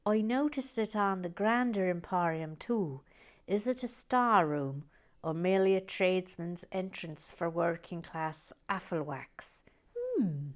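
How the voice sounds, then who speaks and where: A woman's voice: on the low side, animated, a little slow. A woman hosting a building stream, chatting casually and playfully, reading viewer comments aloud and dropping to murmurs while she concentrates. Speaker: host of a brick-building stream.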